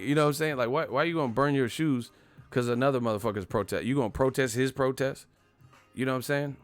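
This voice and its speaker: A man talking straight to his live-stream audience, loose and profane, jumping into quoted voices as he retells a story. His pitch sits mid-range for a man, and faint music runs under him. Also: fast. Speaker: boxing channel host.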